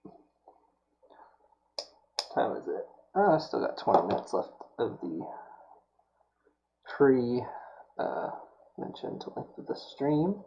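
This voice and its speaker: A man's voice: medium pitch, very animated, slow, pauses often, warm tone, lo-fi sound. A man streaming while he builds a prop, talking casually and muttering to himself, with mild self-scolding as things go wrong.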